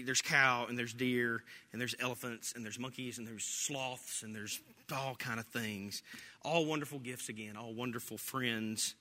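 A pastor preaching an animated, joking sermon, often laughing as he talks. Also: medium pitch, in a large hall.

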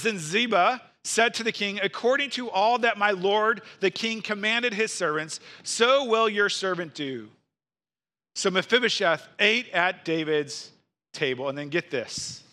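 A man in his thirties preaching a sermon in church, earnest, building through repeated rhetorical questions and dropping soft at times. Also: a little high. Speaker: pastor.

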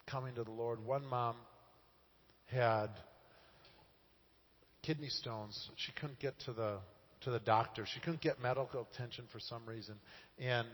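A man preaching a sermon, telling stories with passion and rising to emotional peaks. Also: in a large hall. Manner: passionate storytelling preacher, swells louder and higher at emotional peaks.

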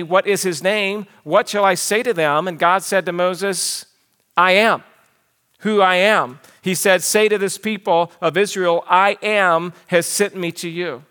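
A man, a pastor, preaching an expository sermon in an earnest teaching manner, slowing down to stress key lines. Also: sits high, pushed and bright, smooth.

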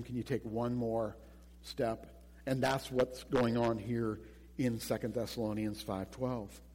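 A man preaching a sermon as pastor, animated, acting out little quotes and often repeating words as he goes. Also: medium pitch, breathy edge, big-room sound, rough recording.

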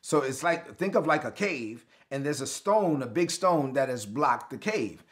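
A man's voice: animated, unhurried, a bit bright. A male pastor preaching an online sermon, calling on listeners to respond and act out the story. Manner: preaching, calls for responses, builds in pitch and intensity.

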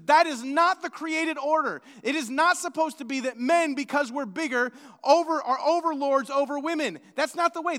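A man preaching a sermon as pastor, telling stories animatedly and acting out quoted voices. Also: very high-pitched. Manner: storytelling, animated with acted-out quotes. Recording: long hall reverb.

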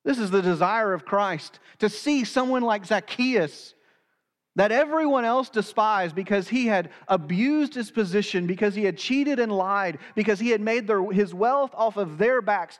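A pastor delivers a sermon in a high, clear voice. He speaks earnestly and slows down to weigh his key phrases. The sound rings with the long reverb of a large hall.

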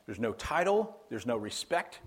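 A man's voice: medium pitch, sing-song, normal speed, slightly rough. A man preaching a sermon as a pastor, in a conversational, emphatic way that repeats key phrases for weight.

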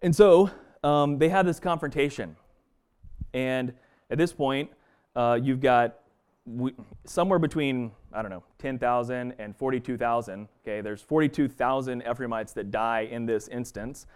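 A man's voice: medium pitch, moderate pace, darkish tone, clear, resonant tone. A man teaching a Bible passage in a loose, conversational way, often restarting his sentences. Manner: conversational, frequent restarts and fillers. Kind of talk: casual bible study teaching.

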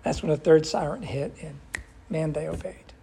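A man's voice: fairly high pitch, moderate pace, vocal fry, mellow, slight background noise. An older man teaching a Bible study in an earnest, emphatic way, often asking his class questions.

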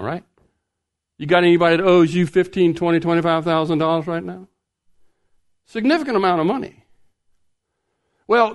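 A man preaching a sermon in a church, animated and asking the congregation rhetorical questions. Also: a little high.

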